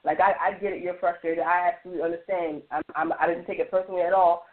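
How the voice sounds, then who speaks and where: A woman on a radio panel, telling stories with lively restarts and lots of "like". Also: lowish voice, very fast. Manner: animated storytelling with many restarts and repeated "like". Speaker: roundtable panelist. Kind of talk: casual radio panel chat. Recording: tinny phone-line sound.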